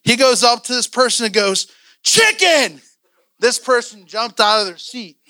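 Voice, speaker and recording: Male teacher, bright and forceful, animated storyteller who voices the characters. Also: normal speed, smooth, no room sound, clean studio sound. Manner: animated storyteller, voices his past self and others, jumps loud and high. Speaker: prophetic ministry teacher. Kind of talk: energetic teaching with acted-out stories.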